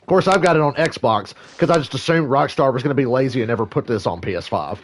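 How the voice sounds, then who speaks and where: A man's voice: mid-range voice, fast, slight background noise. Profane man riffing over gameplay. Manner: profane, rambling, joking. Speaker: gaming streamer. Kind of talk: casual gameplay commentary.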